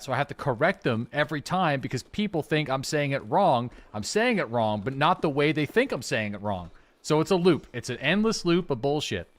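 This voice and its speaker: A man's voice: fairly high pitch, a bit bright. A man from rural Prince Edward Island with a Prince Edward Island accent, rambling and swearing casually to his chat while he plays a game. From rural Prince Edward Island, Canada. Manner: rambling, swearing, self-described yapping. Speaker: game streamer.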